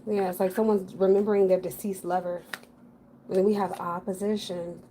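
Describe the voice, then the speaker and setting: A woman's voice: medium pitch, little pitch movement, fairly quick, dark tone, slight background noise. A woman giving a casual general tarot reading, talking frankly and thinking aloud to her viewers. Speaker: tarot reader.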